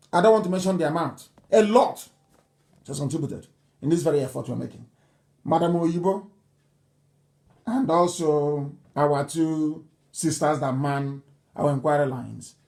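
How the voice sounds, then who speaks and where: A man's voice: a little high, a little mellow. A man hosting a live call-in broadcast, speaking emphatically and repeating phrases for stress.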